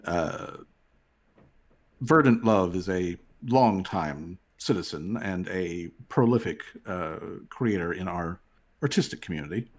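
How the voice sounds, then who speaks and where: A man voicing a courteous male city official in a tabletop game, speaking slowly and formally with filler pauses. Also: sits low, expressive, voice pushed down, heavily acted. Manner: slow, formal, hesitant with fillers.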